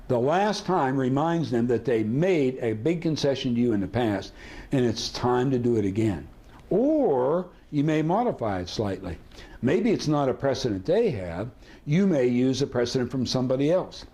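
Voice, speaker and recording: A man's voice: mid-range voice, sing-song, normal speed, darkish tone. Male negotiation trainer, seminar delivery, quizzes the room with rhetorical questions. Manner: asks the audience rhetorical questions and acts out sample dialogue. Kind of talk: seminar teaching.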